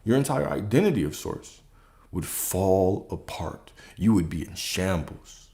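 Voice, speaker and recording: A man's voice: low voice, animated, unhurried, mellow. A man coaching his viewers in a motivational talk, emphatic and repetitive, asking rhetorical questions and repeating key lines.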